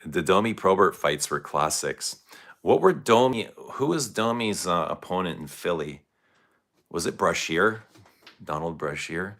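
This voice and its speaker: A man's voice: deep voice, expressive, measured pace, a bit bright. A man hosting a casual fragrance livestream, rambling loosely and reacting to viewer comments. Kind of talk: casual livestream chat answering chat.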